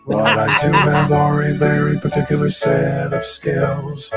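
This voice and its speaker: A man singing as a grim, vengeful father who threatens a kidnapper, in a slow, menacing musical parody. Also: on the high side, steady tone, creaky. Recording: loud music backing.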